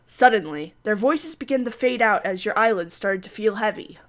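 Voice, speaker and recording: A woman's voice: medium pitch, a little fast, vocal fry, few pauses. Chatty young woman gamer. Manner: chatty, self-mocking, laughs often. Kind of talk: let's play commentary and reading aloud.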